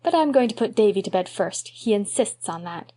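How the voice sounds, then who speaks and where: A patient young woman from a classic storybook, speaking softly and reassuringly in a mid-range voice, as a woman narrator reads her. Her tone stays calm and kind. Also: medium pitch, fairly quick, natural voice. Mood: gentle. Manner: gentle, soft-spoken, reassuring.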